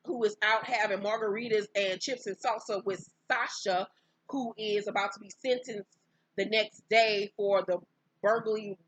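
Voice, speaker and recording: Brash, husky-voiced woman recapping a show. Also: no echo. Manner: profane, brash, outspoken commentary; breaks into high-pitched exclamations. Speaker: reality TV recapper. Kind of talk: casual storytelling recap.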